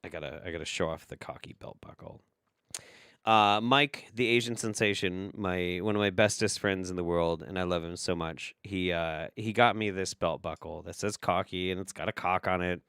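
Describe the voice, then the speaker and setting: A man hosting a livestream, reading viewer messages in a casual, profane, animated way. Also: low voice, normal speed, clean tone, dry recording, clean studio sound. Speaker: livestream host.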